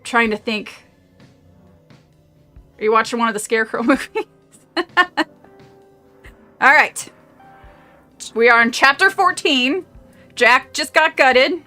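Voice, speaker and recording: A woman's voice: a little high, slow, pauses often, sharp tone, soft background music. A woman streaming herself reading a horror novel aloud, chatting casually and drifting into tangents, often laughing. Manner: rambling, with frequent tangents and laughs. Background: faint movie audio.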